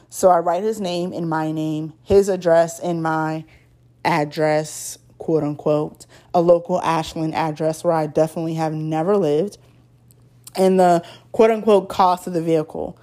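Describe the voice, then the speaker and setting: A woman's voice: lowish voice, steady tone, a little slow, darkish tone. A woman reading a first-person story aloud in a casual, slangy storytelling way.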